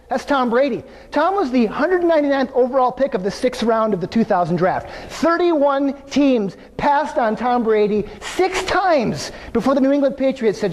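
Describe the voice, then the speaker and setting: A man giving a live motivational keynote, telling stories energetically and turning to the audience with questions. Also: sits high. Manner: energetic storytelling with asides to the audience. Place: large venue before an audience. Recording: long hall reverb.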